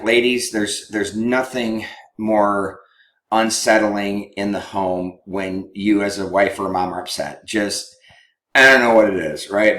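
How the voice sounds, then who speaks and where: A man's voice: fairly low pitch, a bit bright. A man who works as a counselor, teaching in a conversational way and often checking in with his listeners. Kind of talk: teaching talk on couples communication. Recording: roomy echo.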